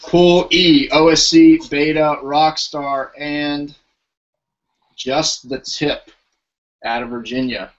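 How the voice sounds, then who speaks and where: A man's voice: a little high, fairly even intonation, takes it slowly, muffled recording. Man announcing kickball pools on a podcast. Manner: rattles off team lists, chatty. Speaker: podcast host. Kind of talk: casual podcast chat.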